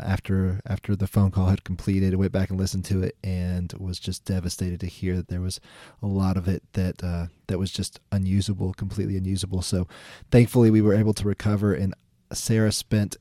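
A male podcast host with a very deep, mellow voice. He talks eagerly, with many fillers and easy laughter. The sound is dry and close. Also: no room sound. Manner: enthusiastic, filler-heavy, laughs often. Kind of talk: podcast intro and interview.

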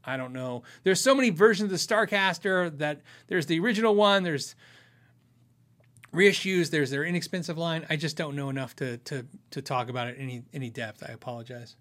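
A man's voice: on the high side, a little fast, a bit bright. A man hosting a casual live chat, reading viewer questions aloud and rambling candidly, with frequent self-interruptions. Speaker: host of a gear channel livestream.

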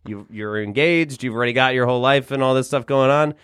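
Man, podcast co-host. Relaxed, rambling storyteller, dry close sound. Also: medium pitch, fast, clean tone, no room sound. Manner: laid-back, builds absurd stories with many restarts. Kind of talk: casual comedic chat, improvised stories.

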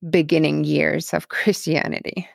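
A woman's voice: low-pitched, flat delivery, a little slow, gravelly, no room sound, clean studio sound. A woman from Ukraine, a guest in an interview, telling her faith story in an earnest, emotional way with many repetitions. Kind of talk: personal testimony in a podcast interview.

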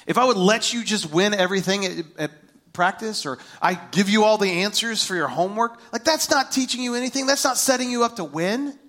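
A middle-aged male pastor delivering a sermon in a somewhat high voice. He tells stories with animation, dropping to hushed tones and then rising to loud, excited bursts. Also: brisk. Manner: animated storytelling, swings between hushed and loud.

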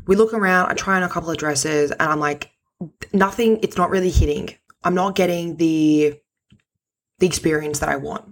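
A woman hosting her own podcast, telling a personal story in a chatty, expressive, slangy way. Her voice sits low for a woman. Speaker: podcast host. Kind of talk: casual storytelling monologue.

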